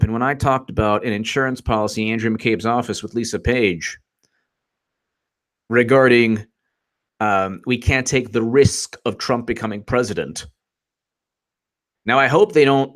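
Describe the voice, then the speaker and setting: A male host delivers offhand political commentary in a meandering, mocking way. He restarts sentences often and slips into jokey impressions before laughing them off. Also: mid-range voice. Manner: rambling, sarcastic, stumbling restarts. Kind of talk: casual livestream commentary.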